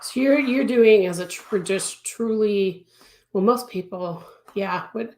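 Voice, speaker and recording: A chatty woman giving a live crochet lesson from her home studio, answering viewers and stacking words for emphasis. Her voice sits mid-range and carries a clear echo of the room around her. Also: medium pitch, slow, a little mellow. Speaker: crochet teacher. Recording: echoey room.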